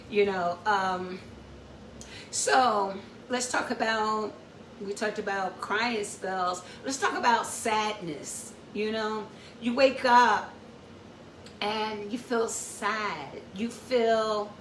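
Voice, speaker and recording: A woman with a mid-range voice hosts an informal educational talk, walking through things step by step, repeating her points, and checking in with "okay?". The room echoes, she sits far from the mic, and there's a little background noise.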